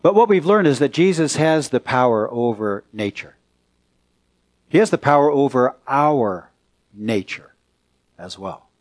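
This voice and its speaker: A pastor preaching a conversational sermon in a church, turning to the congregation with questions. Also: male voice, mid-range voice, expressive, a little slow, long pauses.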